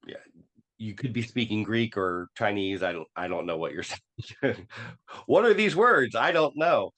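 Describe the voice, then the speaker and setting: Halting low-voiced man telling his story. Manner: halting, many fillers and restarts, acts out quoted dialogue. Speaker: podcast guest. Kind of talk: personal storytelling in an interview.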